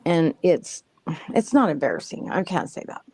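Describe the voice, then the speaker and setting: A woman's voice: low-pitched, sing-song, moderate pace, a little mellow, breathy edge, no echo. A grandmother chatting casually on a live stream, swearing freely and laughing often. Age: older.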